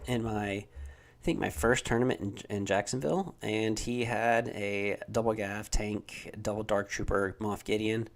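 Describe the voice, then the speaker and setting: A young man hosting a live stream, chatting casually and answering viewers' questions in a relaxed, rambling way with many fillers. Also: lowish voice, measured pace. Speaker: livestream host answering chat questions. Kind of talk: casual live chat about a tabletop wargame.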